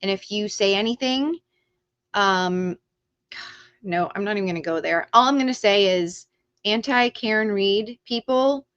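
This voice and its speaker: A woman's voice: mid-range voice, unhurried, fairly bright tone, clean tone. A woman hosting a livestream who rants heatedly, swears freely and. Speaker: livestream host. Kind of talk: ranting livestream talk. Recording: dull lo-fi stream audio.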